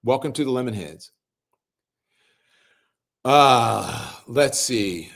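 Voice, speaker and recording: A middle-aged man hosting a livestream, reading viewers' comments aloud and answering them in a relaxed, conversational way. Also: mid-range voice, extremely slow, creaky. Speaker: host reading live chat comments. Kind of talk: casual livestream chat.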